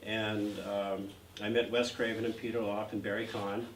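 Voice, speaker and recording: A man's voice: lowish voice, little pitch movement, moderate pace. Rambling older man telling stories. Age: 60s. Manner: rambling, many "uh" fillers. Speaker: actor guest. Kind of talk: anecdotal interview storytelling. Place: art gallery event. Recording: roomy, distant mic, faint noise.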